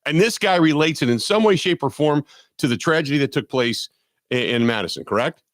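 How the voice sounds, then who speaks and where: A blunt, opinionated man holds forth on sports radio, his pitch swinging up and down as he talks. He rambles and restarts his sentences. The studio sound is close and dry. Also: lively intonation, a little fast, no echo. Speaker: radio sports talk host.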